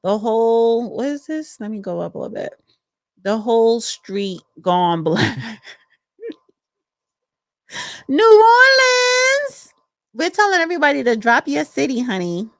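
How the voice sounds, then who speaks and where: Woman, podcast co-host, unhurried and higher-pitched, frank talk from home, dry close sound. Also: expressive, darkish tone, no echo. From East Orange, New Jersey. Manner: chatty and frank, calls listeners honey. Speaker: podcast co-host reading live chat. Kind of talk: casual livestream chat.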